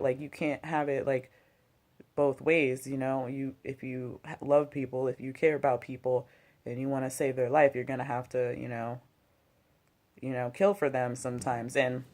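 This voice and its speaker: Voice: mid-range voice, darkish tone. Slangy, laid-back episode reviewer. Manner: loose and slangy, lots of "like" and "you know", some swearing. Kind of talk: casual review chat. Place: home, smoking and drinking while talking.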